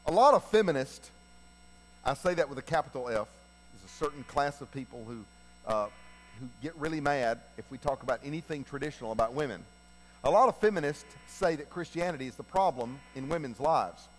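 A male preacher giving a sermon, retelling a Bible story in a folksy, animated way. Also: mid-range voice, brisk, big-room sound, low-quality recording.

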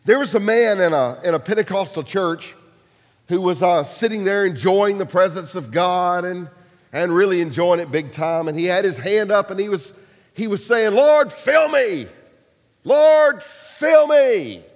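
High-voiced pastor in an echoing church. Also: male voice. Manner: casual storytelling with humor and acted quotes. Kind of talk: sermon.

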